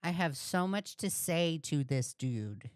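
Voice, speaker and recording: A woman with a lower, smooth voice talks through her reactions at a slow pace. Her commentary is blunt and laced with swearing. The sound is close and dry. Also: lively intonation, no echo. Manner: blunt, profane, heated. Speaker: reaction streamer.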